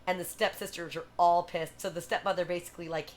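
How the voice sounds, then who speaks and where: A woman hosting a livestream, chatty and animated as she retells a story to her viewers. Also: fairly low pitch, fast talker, slight background noise. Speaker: livestream host. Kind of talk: casual retelling and performing for a live chat.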